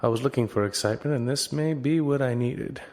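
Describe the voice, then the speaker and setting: An actor playing a wisecracking hard-boiled private eye, narrating a comedic noir radio play in a dry, self-amused way. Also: male voice, medium pitch, brisk, darkish tone, close to an everyday voice. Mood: wry. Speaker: narrator and lead detective. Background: guitar music.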